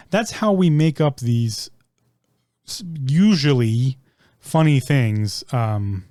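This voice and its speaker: A man's voice: medium pitch, warm tone, no room sound, studio quality. A man hosting a solo podcast, rambling with many ums and restarts, casually swearing as he searches for words. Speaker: podcast host.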